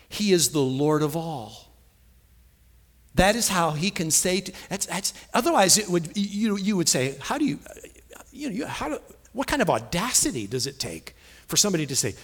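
A middle-aged man preaching a sermon in a church, emphatic and repetitive, swinging between soft asides and loud, stressed phrases. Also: on the high side, big pitch swings, normal speed. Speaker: pastor. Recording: long hall reverb.

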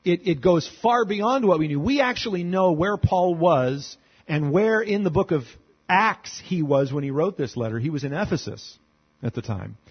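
A man's voice: fairly high pitch, expressive, normal speed, slightly rough, lo-fi sound. A man preaching a conversational sermon as pastor, reading scripture aloud and adding rhetorical questions and dry sarcastic asides. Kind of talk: expository sermon.

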